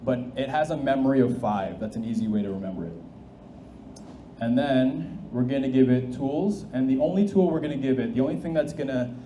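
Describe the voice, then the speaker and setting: A man with a warm, medium-pitched voice gives a live demo of AI agents to an audience. He speaks casually, thinks out loud, and restarts often, and the echoey hall carries faint noise.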